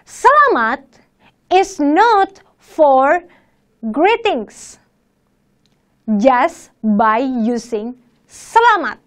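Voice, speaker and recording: This is a woman giving an online language lesson. Her voice sits high and moves through a wide, lively range of pitch. She speaks slowly and keeps putting questions to her viewers. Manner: animated, repeats questions to the viewer. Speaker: language teacher. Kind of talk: online lecture.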